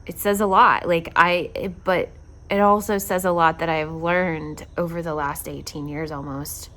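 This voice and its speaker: A woman in her thirties recording a casual video diary outdoors while in pain and tired from surgery, speaking in a reflective, halting way with many fillers and dipping into whispers. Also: sits low, fairly even intonation, a bit bright. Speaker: vlogger recovering from surgery. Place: outdoors in a backyard at sunset.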